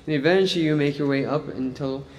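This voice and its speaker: Casting: male teacher, slightly high voice, chatty lecture delivery, long hall reverb, faint background hum. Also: quick pace. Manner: conversational, frequent "right?" and "like" fillers. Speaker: Islamic studies teacher. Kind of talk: casual lecture with anecdotes.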